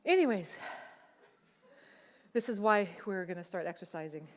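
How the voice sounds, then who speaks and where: A woman's voice: mid-range voice, animated, moderate pace, big-room sound. A woman pastor preaching a sermon in a conversational way, slipping into quoted voices.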